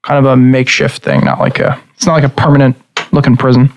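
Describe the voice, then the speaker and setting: A man narrating a tabletop game as game master, in a relaxed, conversational way with small restarts. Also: mid-range voice, fast talker, gravelly.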